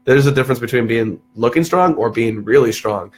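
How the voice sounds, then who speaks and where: Animated young man telling stories. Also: medium pitch, brisk. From Texas, USA. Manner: animated storyteller, swears freely, peppers talk with "dude". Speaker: podcast guest. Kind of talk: casual chat.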